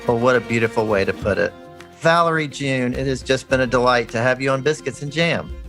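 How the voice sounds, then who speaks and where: A man hosting a podcast, asking questions politely and reading the closing credits in a measured announcer style. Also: mid-range voice, a bit bright. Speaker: podcast host. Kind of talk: interview hosting and scripted outro. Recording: guitar music under the voice. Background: guitar music.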